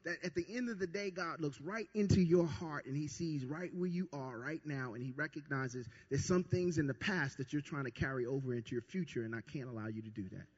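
Male pastor, husky and high, repetitive emphatic preaching, dull lo-fi recording. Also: a little fast, hardly any pauses. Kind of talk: sermon. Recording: long reverb, dull lo-fi sound.

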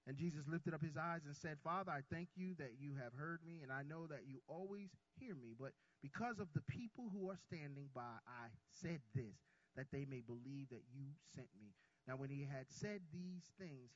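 A man preaching a sermon, swinging from soft asides to loud cries and calling the congregation y'all. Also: fairly high pitch, moderate pace, no room sound, highs cut off.

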